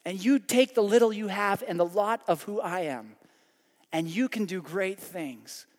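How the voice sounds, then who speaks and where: A hushed, gentle Jesus, quietly asking why a follower doubted, as a preacher acts him out. The voice sits high, and each soft question rings on in a long hall echo. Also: male voice, a little slow. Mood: gentle rebuke. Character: Jesus, calm gentle rebuking teacher, man.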